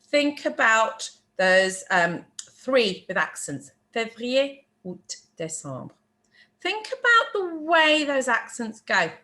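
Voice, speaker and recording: A woman teaching a language lesson, slowly modelling words for learners to repeat and explaining spelling. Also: a little high, big pitch swings, bright, forceful tone. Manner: slow, careful teacher modelling words for repetition. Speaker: French teacher. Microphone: screen-share narration.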